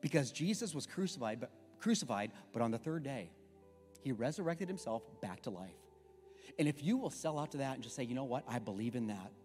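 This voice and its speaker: A middle-aged pastor preaching in an emphatic, conversational, storytelling way, recorded in an echoey church with faint music. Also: male voice, mid-range voice, sing-song, a little fast, darkish tone. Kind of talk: sermon. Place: church sanctuary.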